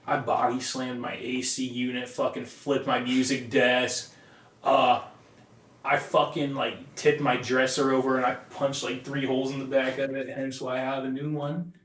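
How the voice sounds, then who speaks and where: A man's voice: mid-range voice, a bit bright. A young man co-hosting a casual podcast, telling rambling, profanity-laced stories. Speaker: podcast co-host. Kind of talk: casual chat. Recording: echoey room.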